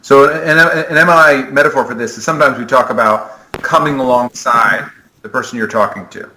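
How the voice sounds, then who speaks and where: A man's voice: mid-range voice, fairly quick, pushed and bright, slight background noise, poor audio. A man, a sport psychologist, earnestly explaining ideas in a podcast interview, often restarting his sentences. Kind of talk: conversational explanation.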